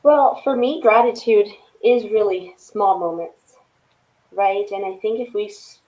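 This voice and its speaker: Brief: female author guest, mid-pitched, earnest, reflective, checks in with listeners. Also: a little mellow, low-quality recording. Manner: earnest, reflective, frequent "right?" tags. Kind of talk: casual interview chat.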